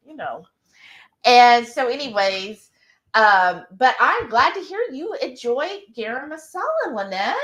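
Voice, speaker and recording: A woman hosting a live cooking stream, chatting casually in an excited, rambling way. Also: fairly high pitch.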